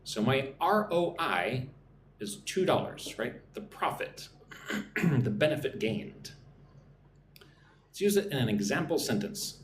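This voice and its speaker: A man's voice: medium pitch, sing-song, echoey room, slight background noise. American man teaching English on a live stream. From United States. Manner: slow, clear teacher talk with frequent "right?" checks.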